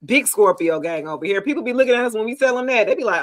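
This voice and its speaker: A middle-aged woman reads tarot for her livestream viewers in a loose, joking way. Her pitch swings widely and sits a little high, and she laughs often as she chats. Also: lively intonation, quick pace. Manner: chatty and playful, laughs often, talks to viewers. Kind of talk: casual live tarot reading.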